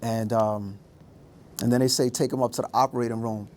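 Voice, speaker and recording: A man's voice: mid-range voice, fairly even intonation, brisk, darkish tone, a little hiss or hum. A middle-aged man giving a storytelling talk, acting out the voices of the people in his story. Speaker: speaker.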